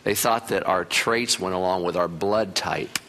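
An older man preaching a sermon as pastor, telling lively stories and reading scripture verse by verse. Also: deep voice, unhurried. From Italian family in America. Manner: animated storyteller, breaks into loud put-on relatives' voices.

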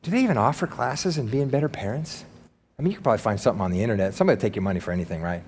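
Animated preacher in an echoing hall. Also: male voice, lowish voice, very fast, a little hiss or hum. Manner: animated and emphatic, with joking asides. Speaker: pastor. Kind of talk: sermon.

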